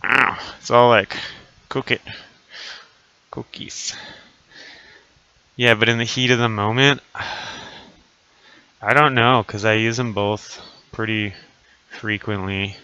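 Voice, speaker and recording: A profane, wisecracking man streams live in costume, riffing with his audience between jokes. His voice is bright and crisp, recorded close and dry with no room sound. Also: fairly low pitch, steady tone, slow, long pauses, no room sound, highs cut off. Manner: crude, profane, joking banter. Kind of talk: casual live-stream chat. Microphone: desk mic, voice muffled little by a costume mask.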